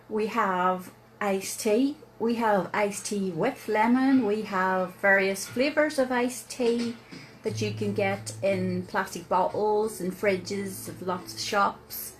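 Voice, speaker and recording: A vlogger from Northern Ireland tells a chatty personal story to the camera in her Northern Irish accent, pausing often and using lots of fillers. Her pitch is medium, and the audio quality is poor.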